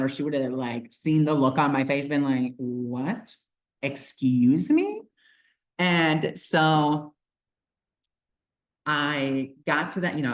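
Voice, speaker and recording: A man's voice: mid-range voice, low-quality recording. A man talking casually in a spiritual vlog, telling a personal story earnestly, with lots of "like" and "you know". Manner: personal storytelling with many fillers. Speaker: spiritual video creator.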